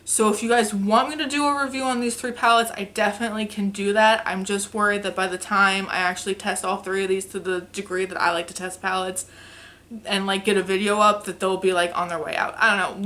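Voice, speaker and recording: A woman's voice: medium pitch, steady tone, brisk, a bit bright. A young woman vlogger chatting casually and enthusiastically about makeup she bought, with lots of fillers. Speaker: beauty vlogger. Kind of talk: casual makeup haul chat.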